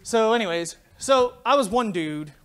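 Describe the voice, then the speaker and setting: A man's voice: high-pitched, moderate pace, clean tone. A Canadian man in his forties giving a conference talk, telling a tech story full of swearing. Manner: swears freely, animated storytelling. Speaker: conference speaker. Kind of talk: profane anecdotal tech talk.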